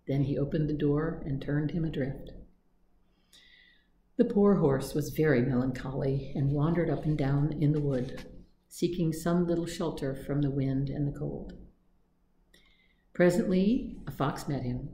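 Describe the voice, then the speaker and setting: A woman with a low, mellow voice reads fairy tales aloud, her delivery gentle and steady like a storybook reading. The room around her sounds echoey, with a faint hum of ambience behind. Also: a little slow.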